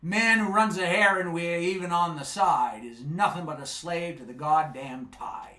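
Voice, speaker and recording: A man's voice: a little high, moderate pace, pushed and bright. A man voicing a grumpy, stubborn fisherman who talks back bluntly and swears. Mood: gruff, defiant. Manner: blunt and cussing. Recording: echoey live stage.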